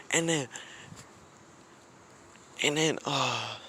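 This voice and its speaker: A man's voice: fairly high pitch, moderate pace, bright, forceful tone, slight background noise. A young man telling a rambling, slang-filled story outdoors in the snow, often restarting his sentences. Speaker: vlogger. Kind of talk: casual storytime.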